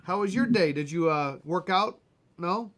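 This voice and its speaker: A man's voice: sits high, lively intonation, measured pace, a bit bright, slight background noise. A man co-hosting a casual comedy chat show, joking and teasing his partner. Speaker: co-host.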